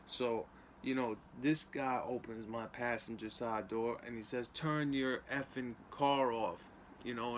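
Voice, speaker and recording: A man's voice: medium pitch, a bit bright, a little hiss or hum. Streetwise young man. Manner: loose, streetwise, peppered with "man" and "you know". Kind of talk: casual storytelling.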